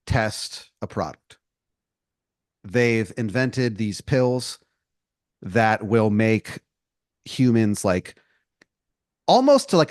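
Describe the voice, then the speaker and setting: This is a podcast co-host on a comedy show, his mid-range voice captured at studio quality with no room sound. He improvises a rambling story packed with "likes" and constant restarts.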